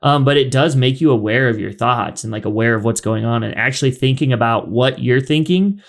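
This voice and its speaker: A man's voice: medium pitch, brisk, creaky. A man hosting a podcast in casual chat, rambling with lots of fillers. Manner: rambling, filler-heavy, chatty. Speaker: podcast host.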